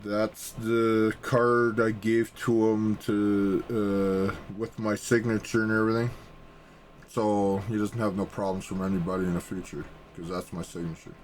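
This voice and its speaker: A man's voice: fairly low pitch, little pitch movement, unhurried, slight background noise. A man, an artist, casually telling a story for his vlog in a rambling way. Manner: rambling, casual, with restarts and fillers.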